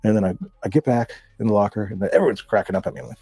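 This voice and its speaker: Man, fast casual storytelling, profane, low husky voice, dry close sound. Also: no room sound, soft background music. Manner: profane, animated anecdotes with laughs. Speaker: guest.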